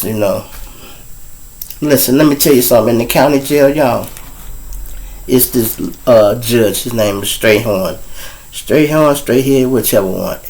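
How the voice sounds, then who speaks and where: A man with a Chicago accent telling stories to his viewers in a casual, profane way, acting out other people's voices. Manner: animated, profane, acts out voices with high squeals.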